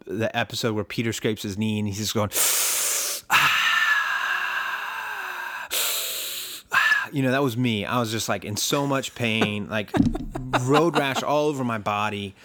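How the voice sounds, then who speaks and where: A man's voice: fairly low pitch, moderate pace, a bit bright. A man telling a story in casual podcast chat, chuckling often and rambling with lots of fillers.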